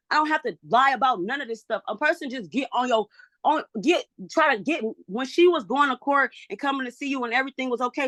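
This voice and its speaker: Frustrated, pleading woman, bright voice. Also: on the high side, no echo, clean studio sound. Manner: frustrated, pleading, talks over others. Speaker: mother in a guardianship hearing. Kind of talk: emotional court testimony. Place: at home.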